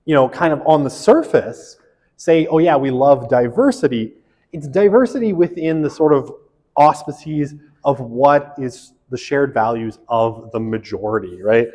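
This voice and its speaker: A man's voice: medium pitch, lively intonation, measured pace, a little mellow, in a large hall. A man gives a casual, joking sociology lecture, full of fillers and tag questions like "right?". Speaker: sociology instructor. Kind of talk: recorded university lecture.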